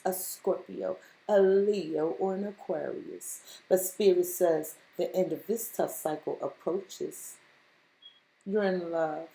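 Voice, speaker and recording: A woman whose voice is on the low side, creaky and warm, gives a spiritual tarot reading against a roomy echo. She addresses the listener directly and drives her points home through emphatic repetition.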